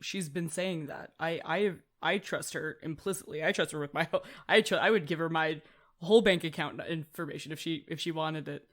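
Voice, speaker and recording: Animated, swearing woman at a game table. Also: low-pitched, fairly quick. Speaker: player. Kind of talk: casual tabletop game chat.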